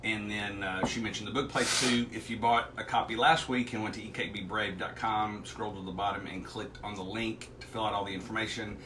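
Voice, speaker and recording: A man's voice: on the low side, steady tone, brisk, few pauses, noisy background. A man co-hosting a casual live morning show with his wife, talking in a dry, joking way. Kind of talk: casual live-stream chat.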